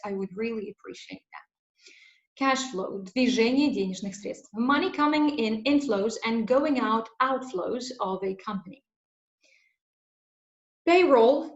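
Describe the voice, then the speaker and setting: Woman teacher, clear explanatory delivery; roomy, lo-fi sound. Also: fairly high pitch. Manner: clear, explanatory, gives translations. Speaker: English teacher. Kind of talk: vocabulary lesson. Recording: echoey room, dull lo-fi sound.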